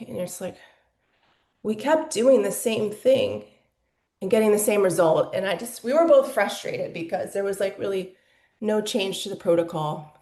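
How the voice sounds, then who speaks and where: A woman's voice: mid-range voice, expressive, normal speed, warm tone, roomy sound. A woman in her forties telling her personal story as a podcast guest, candid and emotional, with lots of "like" fillers. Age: 40s.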